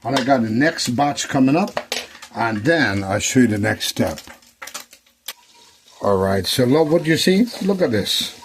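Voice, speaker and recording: Man with a mid-range voice, relaxed chatty cooking host talking viewers through each step. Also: mid-range voice, a little slow, long pauses, a little hiss or hum, rough recording. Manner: chatty, repeats phrases, talks to viewers as folks. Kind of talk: casual cooking demonstration. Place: kitchen.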